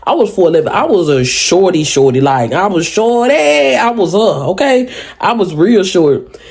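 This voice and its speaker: A woman vlogger telling a storytime to her viewers, animated and chatty, with a deep voice and sounding a little sick. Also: moderate pace. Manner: animated, chatty, keeps addressing viewers as "y'all".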